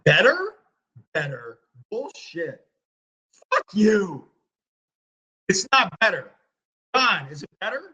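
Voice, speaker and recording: A man's voice: sits high, very animated, takes it slowly, pauses often, bright, forceful tone, breathy edge, rough recording. A man hosting a live stream, talking to his viewers through a laptop's built-in mic, blunt and profane, repeating his questions at people in the chat.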